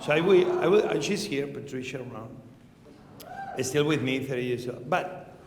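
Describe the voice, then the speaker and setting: A middle-aged man with a Spanish accent hosts a live onstage conversation, animated and laughing and swearing freely. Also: medium pitch, moderate pace, slight background noise. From Spain. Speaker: podcast host. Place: large venue with live audience. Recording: echoey hall.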